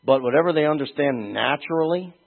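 A man preaching a sermon in an animated way, moving between quiet asides and shouted emphasis, with a husky voice. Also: fairly high pitch, fairly quick. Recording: tinny phone-like sound.

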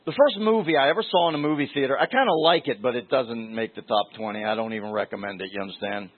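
A man's voice: medium pitch, fast talker. A man preaching a sermon in a conversational way, repeating key phrases for emphasis. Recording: tinny phone-like sound.

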